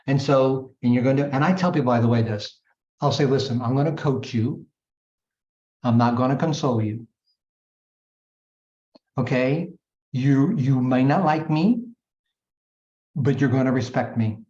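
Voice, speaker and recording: A man's voice: mid-range voice, normal speed, long pauses, a little mellow. Guy coaching his team, punchy and repetitive, muffled echoey recording. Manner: emphatic, repetitive, punchy sound words; addresses listeners as gang and guys. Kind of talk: motivational coaching talk. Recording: dull echoey room recording.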